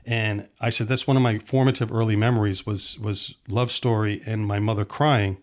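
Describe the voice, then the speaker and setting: Man, middle-aged, from Pennsylvania, lowish voice, rambling podcast storyteller. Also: fairly even intonation, normal speed. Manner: rambling, restarts mid-sentence, acts out quotes. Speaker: filmmaker guest. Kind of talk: anecdotal storytelling in a podcast chat.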